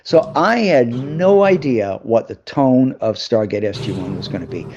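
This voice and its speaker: A man tells a story as a guest on a live interview show, full of energy and acting out the voices of the people in it. His pitch sits in the middle range. The sound is a little dull and lo-fi, as if it comes over a video call. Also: normal speed, a little hiss or hum. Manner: lively anecdotes, acting out other people's voices.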